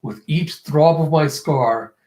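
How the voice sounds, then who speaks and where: A brooding, menacing pirate warlord of a comic, older and brutal, his lines heavy and grim, as a man reads him out. The voice sits a little high for a man. It rings in a roomy, echoey space. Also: slow pace, darkish tone. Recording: echoey room.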